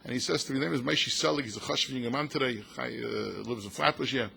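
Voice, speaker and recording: A man's voice: medium pitch, fast, gravelly, slight background noise. An older man, a rabbi telling stories in a passionate talk, acting out quotes and mixing in Yiddish and Hebrew words. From United States. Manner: animated storyteller, acts out quotes, mixes in Yiddish and Hebrew words. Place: synagogue event hall.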